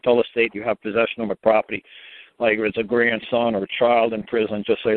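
A man's voice: on the low side, level tone, fast talker, no echo. Guy rambling on a phone call, emphatic, sounds tinny and dry. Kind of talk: casual phone-in talk.

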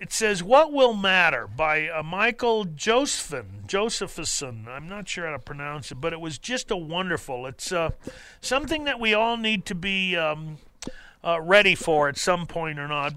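A male talk radio host speaks in a halting way, full of fillers and restarts. His voice is bright and forceful, smooth and resonant. It is recorded dry and close on a studio microphone. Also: on the high side, dry recording. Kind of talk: talk radio, reading a poem aloud.

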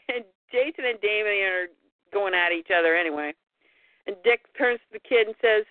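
A woman co-hosting a casual chat, retelling a story in an animated way and laughing often. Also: medium pitch, normal speed, no room sound. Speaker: podcast co-host. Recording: tinny phone-like line.

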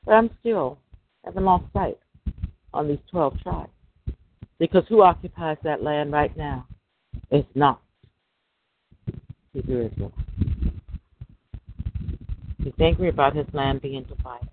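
A man's voice: fairly high pitch, unhurried, long pauses, slight background noise. A middle-aged man, a podcast host, giving a preachy religious monologue full of rhetorical questions. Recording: dry, tinny phone-line sound.

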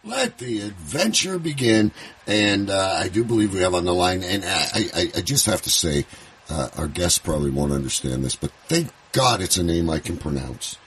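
A man from Canada hosting a live radio chat, rambling excitedly with stammered restarts. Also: sits low, fairly quick, husky. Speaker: radio show host.

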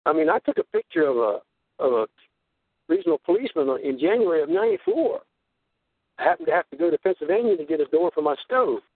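A man's voice: fairly high pitch, sing-song, fast, dry recording. An older man hosting a radio show, telling long rambling stories and acting out the voices of the people in them. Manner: rambling storyteller, acts out voices in quotes. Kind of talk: conspiracy talk radio monologue. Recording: tinny phone-line radio sound.

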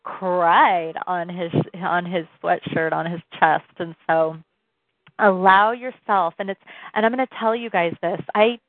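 A woman leads a new moon gathering on a group call and talks in a loose, chatty way. Her voice sits a little low and comes through a dry, tinny phone line. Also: steady tone, a little slow, no echo. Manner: chatty, rambling, with fillers and laughs.

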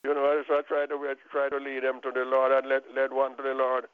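A man from Jamaica with a Jamaican accent, telling a testimony on a prayer call line in an earnest, halting way with many restarts. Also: mid-range voice, completely flat delivery, clean tone. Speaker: caller sharing a testimony. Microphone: telephone. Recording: phone line.

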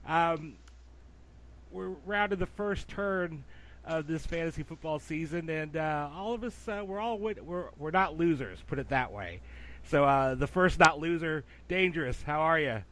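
A man's voice: fairly high pitch, normal speed, fairly bright tone. A man hosting a casual fantasy football podcast, rambling with many fillers. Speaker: podcast host.

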